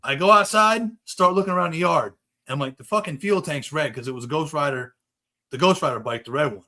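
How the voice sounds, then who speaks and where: A man with a slightly raised voice tells a rambling story in casual chat. He swears freely and talks in an animated, storytelling way, full of restarts. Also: on the high side, quick pace. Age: adult with young kids. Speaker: podcast host, custom bike builder.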